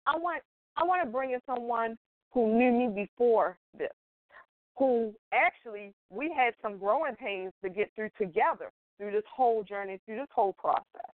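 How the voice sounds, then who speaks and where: A middle-aged woman hosting a live call-in style show, chatty and emotional, rambling freely between thoughts. Her slightly high voice comes through a tinny phone line. The sound is dry and close. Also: moderate pace, no room sound. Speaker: show host and salon owner. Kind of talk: casual live interview show.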